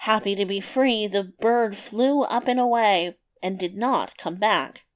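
A woman narrating a fairy tale in a measured, expressive read-aloud manner. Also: mid-range voice.

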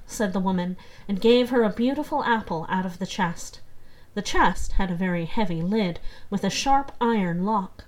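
A woman narrates a fairy tale in a calm, measured storybook voice. Her reading is steady and unhurried. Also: mid-range voice, poor audio.

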